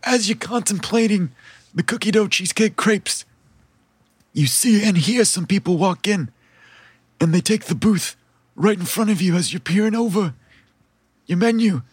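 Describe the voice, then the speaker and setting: Breathy man running a tabletop game. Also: high voice, normal speed, long pauses, no echo. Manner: relaxed, chatty, laid-back. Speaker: game master.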